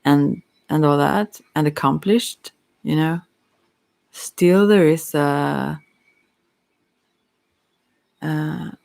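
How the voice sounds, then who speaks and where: A softspoken ASMR psychic with Swedish as a first language, giving a halting, hesitant chakra reading while teary-eyed. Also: medium pitch, vocal fry. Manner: halting, hesitant, with many fillers. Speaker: psychic card reader.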